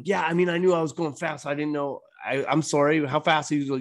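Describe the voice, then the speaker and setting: A man's voice: on the high side, fairly quick. A man spins a story in a loose, laid-back way, swearing freely. He is a comedian chatting among friends. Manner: laid-back, profane, laughs through stories. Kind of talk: casual storytelling chat.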